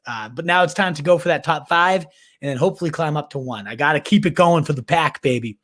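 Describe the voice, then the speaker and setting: A man's voice: fairly high pitch, fast, a bit bright. A man hosting a live fantasy football Q&A, talking in a hyped, slangy way, often restarting mid-sentence. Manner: hyped, slangy, calls viewers "baby" and "my dude"; restarts and repeats words while thinking aloud. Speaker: fantasy football livestream host. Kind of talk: casual live Q&A chat.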